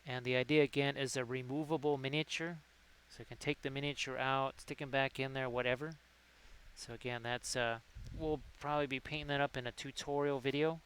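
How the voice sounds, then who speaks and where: A man with a clear, resonant voice hosting a casual livestream. He rambles from one thing to the next and reads viewers' messages aloud. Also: mid-range voice, fairly even intonation, fairly quick, fairly bright tone, rough recording. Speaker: livestream host. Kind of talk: casual chat while painting.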